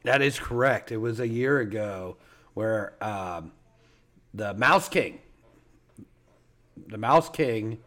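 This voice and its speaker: A man's voice: fairly low pitch, expressive, slow, pauses often. A man co-hosting a podcast, swearing freely and laughing through casual banter. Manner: loud, profane, laughing banter. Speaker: podcast co-host. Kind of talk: casual chat.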